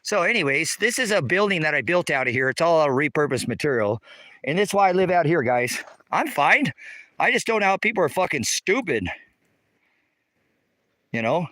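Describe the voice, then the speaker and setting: A man's voice: fairly high pitch, very animated, moderate pace, sharp tone, no echo. A man livestreaming outdoors on rural land, touring his property and ranting at viewers' comments, combative and swearing constantly, recorded on a handheld phone while walking. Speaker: livestreamer giving a property tour.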